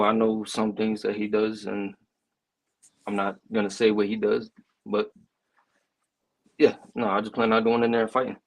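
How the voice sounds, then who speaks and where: A young man, an amateur fighter, answering interview questions in a hesitant, low-key, understated way. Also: poor audio.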